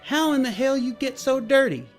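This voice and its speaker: A man voicing a harsh, chain-smoking mother who yells and scolds crudely, with soft music behind. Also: fairly high pitch, lively intonation, normal speed. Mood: scolding.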